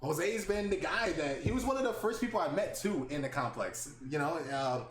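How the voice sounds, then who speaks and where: Animated high-voiced young man storyteller. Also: moderate pace. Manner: animated, laughing, swears freely. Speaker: podcast host. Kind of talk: casual storytelling chat. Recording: echoey room with faint background noise.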